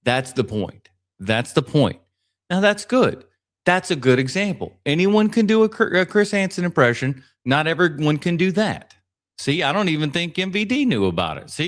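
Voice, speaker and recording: A man hosting a live podcast stream, chatting casually to his audience. His pitch swings widely as he teases and jumps between thoughts. He stumbles and restarts often, like unscripted live talk. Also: moderate pace. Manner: animated and teasing, many restarts. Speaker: podcast host reacting to clips.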